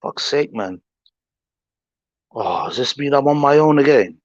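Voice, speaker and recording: A man's voice: medium pitch, animated, measured pace, no echo. A man hosting a livestream, ranting in heated casual talk, slangy, combative and full of swearing. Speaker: livestream host. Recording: dull lo-fi stream audio.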